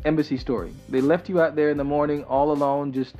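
A woman's voice: sits low, fairly even intonation, fast, lo-fi sound, faint music behind. A woman in her twenties hosting a casual radio interview, teasing and playful, laughing often. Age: 20s. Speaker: radio host.

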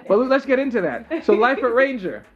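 Teasing, animated young woman radio host. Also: a little high, moderate pace, breathy edge, dull audio. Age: 20s. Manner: teasing, playful, laughing often. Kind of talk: casual radio interview.

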